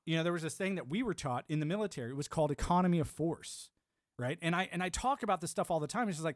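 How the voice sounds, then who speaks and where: A man's voice: a little high, dry recording, clean studio sound. A man, a military veteran hosting a livestream, talking in a blunt, profane, rambling monologue full of restarts. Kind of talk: casual monologue.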